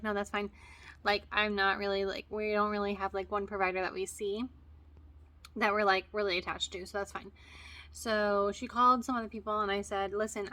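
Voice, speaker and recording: A young woman talks straight to her viewers in a loose, rambling vlog about her day with her baby. She circles back, corrects herself and fills gaps with ums and likes, her voice sitting at a middling pitch. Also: bright, forceful tone. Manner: rambling, with many fillers and self-corrections. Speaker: vlogger and mother. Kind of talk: casual chat.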